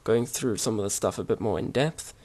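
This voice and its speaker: A man explaining grammar over his slides in a relaxed, hesitant way, with many fillers and restarts. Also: fairly low pitch, fairly quick. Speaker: language teacher. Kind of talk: casual slide-based language lesson.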